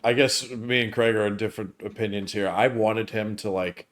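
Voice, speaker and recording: A man's voice: lowish voice, steady tone, moderate pace. A man hosting a casual movie review chat, rambling and often restarting his sentences. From United States.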